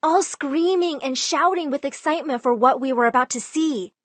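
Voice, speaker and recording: A woman narrating a first-person storytime in a lively, dramatic way. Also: high voice, normal speed, no echo.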